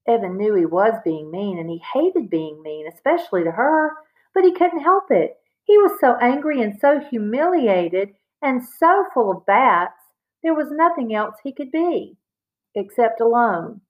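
A woman, a teacher, reading a children's novel aloud to students with expressive storytelling. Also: a little high, a little slow, highs cut off.

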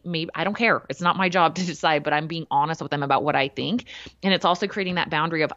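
A woman with a fairly low voice talks in a blunt, animated way, acting out her own remarks in conversation. The recording is close and dry, with a slightly dull, lo-fi tone. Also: no room sound. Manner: animated, blunt storytelling with quoted asides. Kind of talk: casual chat.

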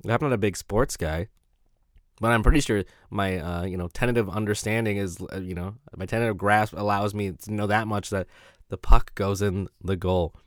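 A man's voice: lowish voice, moderate pace, no room sound, studio quality. A man hosting a casual solo podcast who talks in a rambling, profane way and laughs often. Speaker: podcast host.

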